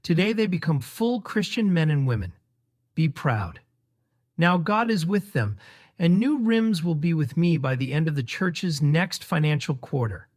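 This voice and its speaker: A man's voice: on the high side, expressive, a little slow, darkish tone. A man voicing a pompous, self-serving male priest who delivers solemn, preachy lines in an audiobook.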